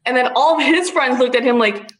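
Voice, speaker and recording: A young woman in casual chat, telling a story in an animated way, swearing freely and calling her listeners dude and bro. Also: sits high, fairly quick, poor audio.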